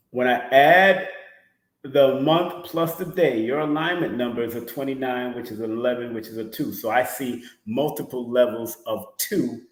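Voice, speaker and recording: A man's voice: medium pitch, echoey room. A man hosting a live-stream numerology Q and A, chatty, laughing often and repeating his phrases. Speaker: numerology host.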